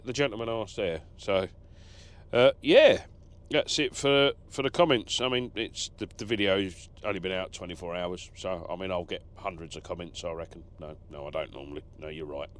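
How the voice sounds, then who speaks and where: Deep-voiced and speaking at normal speed, this man drives lorries and vlogs from his cab. He's from England and rambles through viewer comments in a casual, self-deprecating way.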